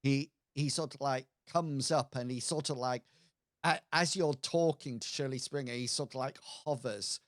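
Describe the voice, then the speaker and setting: A man's voice: medium pitch, normal speed, dry recording, studio quality. A man running a tabletop game as game master, narrating in a hesitant way with many fillers and restarts.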